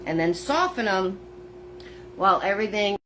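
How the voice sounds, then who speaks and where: A woman's voice: mid-range voice, animated, normal speed, a bit bright, a little hiss or hum. A woman teaching a live painting lesson, narrating each step in a chatty way. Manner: chatty, step-by-step narration, greets viewers by name. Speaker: painting instructor. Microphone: phone.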